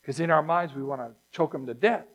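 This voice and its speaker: A man preaching a sermon as pastor, talking to his church in a conversational, emphatic way that swings from loud to hushed. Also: fairly high pitch, a little fast.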